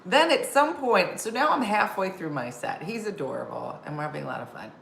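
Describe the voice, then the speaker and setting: A woman's voice: on the low side, expressive, a little fast, vocal fry, a bit bright. A woman comedian hosting a casual live-stream chat, telling stories and reading viewer comments aloud. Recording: roomy sound with faint background noise.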